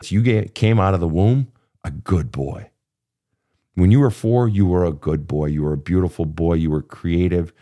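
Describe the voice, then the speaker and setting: Blunt, profane deep-voiced man. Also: moderate pace, mellow. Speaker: therapist host. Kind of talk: emotional coaching session.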